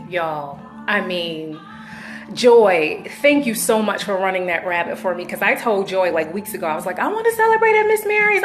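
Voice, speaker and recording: A woman talks straight to her viewers in a loose, chatty way, gushing and quick with thanks. Her voice sits in an ordinary middle register. Soft music plays faintly behind her. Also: medium pitch. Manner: effusive, chatty, thankful shout-outs. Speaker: show host. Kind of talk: casual video chat.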